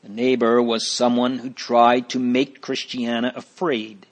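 A man narrating a story aloud in a calm, deliberate way. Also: medium pitch.

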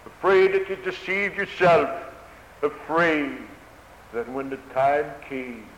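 A man preaching a sermon in an old-fashioned cadence, swelling loud and then dropping to a hush. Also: medium pitch. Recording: echoey hall with faint hiss.

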